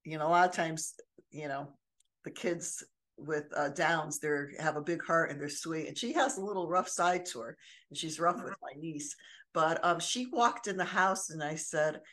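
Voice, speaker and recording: A woman's voice: low-pitched, normal speed, fairly bright tone. An older woman co-hosting a podcast, telling personal stories in a casual, earnest way with many restarts. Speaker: podcast co-host. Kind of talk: casual chat.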